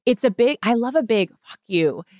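A woman's voice: on the high side, very animated, moderate pace, a little mellow, dry recording, clean studio sound. A woman from Seattle co-hosting a sports podcast, chatting in a rambling, emotional way with lots of fillers. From Seattle, USA. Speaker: podcast co-host, sports reporter. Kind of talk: casual chat.

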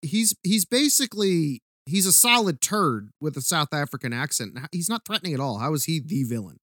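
A man's voice: a little high, a little fast, no room sound, studio quality. A man co-hosting a casual movie podcast, joking in a goofy way. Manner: animated, laughing, goofy bits. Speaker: podcast co-host.

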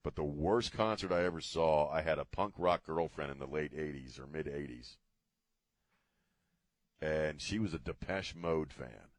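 A man's voice: a bass voice, unhurried, no room sound. A middle-aged man hosting a casual talk radio show from a studio, rambling and joking off the cuff. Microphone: studio mic.

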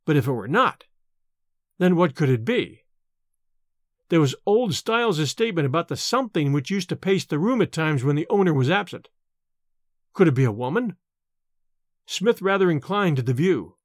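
A man reading a classic horror tale aloud, his fairly high voice rising and falling with theatrical expression. The recording is dry and close, with no room around it. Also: very animated, moderate pace, pauses often, dry recording. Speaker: narrator. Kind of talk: audiobook reading of a Victorian horror story.

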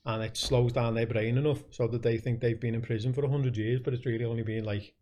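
A man's voice: mid-range voice, steady tone, fast talker, warm tone. A young man, hosting a podcast and telling rambling stories with frequent laughter. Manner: laughs a lot, rambling storyteller. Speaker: podcast host. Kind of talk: casual chat.

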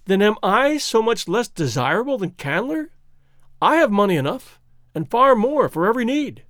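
A man voicing a devoted, hurt young gentleman in an audiobook, pleading earnestly. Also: high-pitched, sing-song, normal speed, dry recording, clean studio sound. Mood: bitter. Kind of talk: audiobook character reading.

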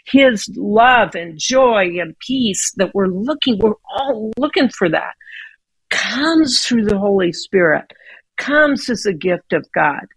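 A woman's voice: mid-range voice, slightly rough, no echo, low-quality recording. A woman guest on a radio program giving an earnest devotional talk, often repeating words as she restarts. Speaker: guest speaker.

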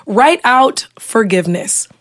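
A young woman with a slightly high voice co-hosts a casual podcast from a studio. She speaks candidly, swears freely and breaks into laughter often. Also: animated, slow. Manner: candid, profane, laughs a lot. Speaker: podcast co-host. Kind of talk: casual chat.

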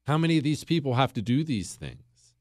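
A man's voice: mid-range voice, very animated, a little fast, darkish tone, no echo, studio quality. A male talk show host delivering a fiery, opinionated monologue, hammering his points and repeating phrases for punch.

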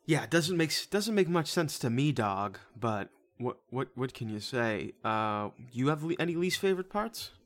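Rambling, halting man talking casually. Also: mid-range voice, sing-song. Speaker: podcast co-host. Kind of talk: casual movie review chat.

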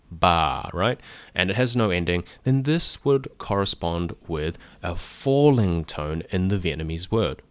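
A low-pitched man talks through a history topic in a relaxed, conversational way, pausing to spell out words and sound out examples. His voice sits dry and close on the mic, with almost no room sound. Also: no room sound. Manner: explains patiently, spells out words, demonstrates sounds. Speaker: podcast host. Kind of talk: conversational explainer monologue.

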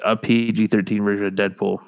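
A man's voice: lowish voice, fairly quick, vocal fry, muffled recording. A man co-hosting a podcast in casual banter, swearing freely and acting out what other people said. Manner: profane, animated storyteller who acts out quotes. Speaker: podcast co-host.

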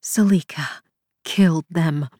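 A woman performs an audiobook character, an anguished, guilt-stricken young woman who pleads through sobs and slips into whispers. Her voice is low and mellow, her pace slow, and the studio-quality recording has no echo.

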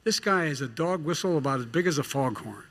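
A man's voice: a little high, animated, a little fast, fairly bright tone. Indignant man debating. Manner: indignant, emphatic. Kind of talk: televised debate.

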